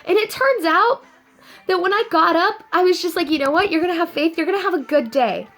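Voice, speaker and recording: A young woman talking earnestly and upbeat to her viewers in a casual inspirational vlog, telling a story with animated ups and downs. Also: very high voice, fairly quick, soft background music, rough recording. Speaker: vlogger.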